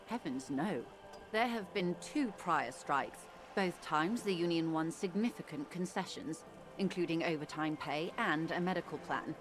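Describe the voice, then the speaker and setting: Against a noisy background, a woman with a deep voice performs animatedly as a game character. The role is a composed, formal middle-aged female negotiator whose diction is polished and whose manner stays measured.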